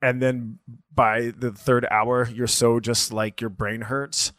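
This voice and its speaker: A man's voice: mid-range voice, level tone, takes it slowly, fairly bright tone, no echo. Guy in his 30s rambling on a podcast, ums and restarts, dry close mic. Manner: rambling, hesitant, many fillers and restarts. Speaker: podcast co-host. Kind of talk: casual chat.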